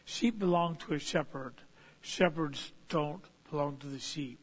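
A man's voice: fairly high pitch, fairly even intonation, a little slow. A man preaching a folksy, illustrative sermon, rising to sudden emphatic points.

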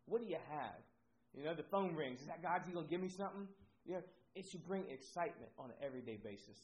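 An energetic pastor from Ohio preaches, repeating his phrases for emphasis in a fast voice on the high side. The recording is dull and lo-fi with faint noise.

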